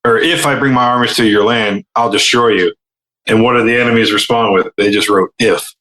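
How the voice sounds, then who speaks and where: A man co-hosting a podcast, telling stories in relaxed casual chat, full of "you know". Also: mid-range voice, brisk, roomy sound, low-quality recording. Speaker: podcast co-host.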